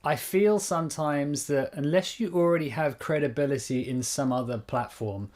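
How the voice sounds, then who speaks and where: A man's voice: a little high, a little mellow. A man co-hosting a casual podcast chat, rambling and restarting his sentences as he thinks aloud. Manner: rambling, halting, restarts phrases. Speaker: podcast co-host.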